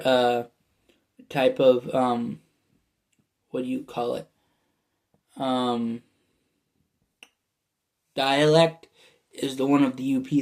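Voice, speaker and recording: A young man from Michigan with a Michigan accent, rambling casually to his vlog viewers with many fillers. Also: mid-range voice. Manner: meandering, full of fillers and restarts. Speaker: YouTuber.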